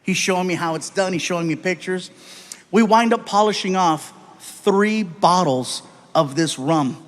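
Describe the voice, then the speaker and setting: Male stand-up storyteller, high voice, animated, live on stage. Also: a little hiss or hum. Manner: animated, puts on voices for people in his stories. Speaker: stand-up comedian.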